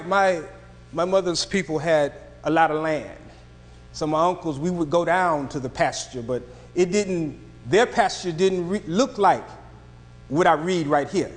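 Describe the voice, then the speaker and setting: High-voiced preacher in an echoing hall. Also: male voice. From northern United States. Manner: builds from soft reflection to raised emphatic preaching. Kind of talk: sermon. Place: church sanctuary.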